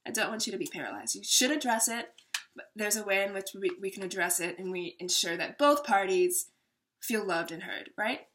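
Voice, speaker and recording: A woman's voice: medium pitch, lively intonation, a little fast, heavy background noise. A woman giving a casual tarot reading to her viewers, chatty and laughing often, slipping into little voices as she talks things through. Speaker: tarot reader.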